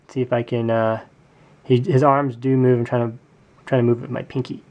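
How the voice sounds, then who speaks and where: A man's voice: medium pitch, little pitch movement, brisk, a little mellow, highs cut off. A man casually reviewing a custom toy build, speaking with enthusiasm and often repeating his words of praise. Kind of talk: casual product review video.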